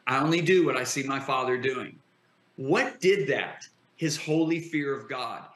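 A man's voice: medium pitch, a little slow, a bit bright. Fervent preacher man in an echoey room. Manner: emphatic, builds to impassioned declarations. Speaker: guest preacher.

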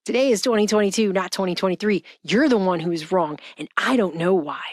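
A woman's voice: medium pitch, brisk, a little mellow, faint music behind, natural voice. A woman reading out a stubborn, self-righteous chatbot that is insistent, repetitive and falsely polite.

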